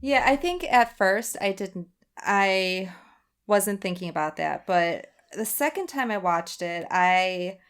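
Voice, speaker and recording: Smooth-voiced woman thinking aloud. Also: mid-range voice. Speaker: podcast co-host. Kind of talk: casual film discussion.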